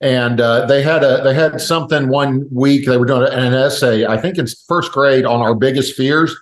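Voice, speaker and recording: A man co-hosting a casual podcast chat, spinning anecdotes and acting out the lines of the people in them. He has a middle-pitched voice. The room gives it a noticeable echo. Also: normal speed. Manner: storytelling, acts out quotes. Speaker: podcast co-host. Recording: roomy echo.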